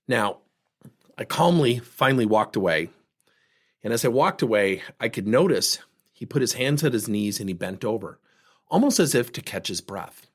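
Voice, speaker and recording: Husky-voiced man telling stories animatedly. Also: mid-range voice, normal speed. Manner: candid, animated storyteller. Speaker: podcast host and coach. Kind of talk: personal storytelling monologue.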